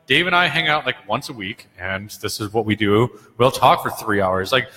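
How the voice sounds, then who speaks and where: A man's voice: fairly low pitch, lively intonation, normal speed, bright, forceful tone, big-room sound, rough recording. A man hosting a podcast from a bar, chatting loosely and swearing freely after a few drinks, into a microphone on a stand. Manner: loose, profane, rambling. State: tipsy from drinking. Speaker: podcast host. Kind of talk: casual bar chat. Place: bar, indoors.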